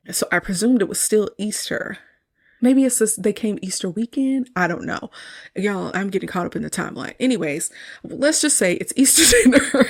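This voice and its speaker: A woman hosting a podcast, casually recapping a film scene, chatty and often laughing, calling listeners y'all. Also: mid-range voice. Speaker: podcast host.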